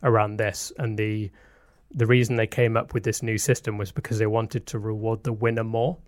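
A man's voice: fairly low pitch, level tone, normal speed, no echo, studio quality. A man co-hosting a casual podcast chat, explaining details at length with a self-mocking streak. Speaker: podcast co-host.

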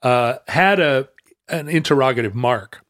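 Guy thinking out loud on a podcast, keeps restarting sentences, dry sound. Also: mid-range voice, expressive, measured pace, dry recording. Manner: musing, trails off and restarts mid-thought. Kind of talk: casual chat.

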